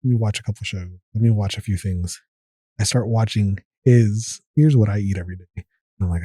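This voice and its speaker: A man in his thirties tells his story as a podcast guest, talking quickly and acting out what he was thinking back then. His voice sits fairly low and sounds very dark and mellow. The recording is dry and close. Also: breathy edge, no echo. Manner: animated, acts out his own past thoughts. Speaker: guest, gastroenterology fellow. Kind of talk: casual interview storytelling.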